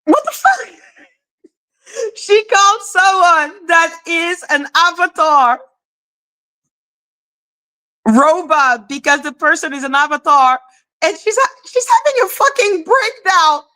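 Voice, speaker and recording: A woman hosting a casual live stream, animated and laughing, greeting viewers by name and swearing freely. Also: very high-pitched, slow, pauses often.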